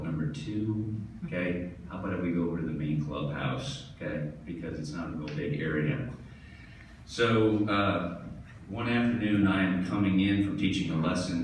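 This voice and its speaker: A tennis pro delivers his hall of fame induction speech, telling funny stories and laughing at his own jokes. His voice is low-pitched with a fairly bright tone. The recording sounds distant and echoey, as in a hall, with slight background noise.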